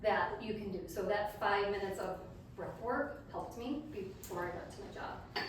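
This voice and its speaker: A woman's voice: mid-range voice, moderate pace. Chatty woman in an echoey hall. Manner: chatty, laughs at herself. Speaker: health coach. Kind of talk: casual talk to a live audience. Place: large room at a community event. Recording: echoey room, distant mic, faint background noise.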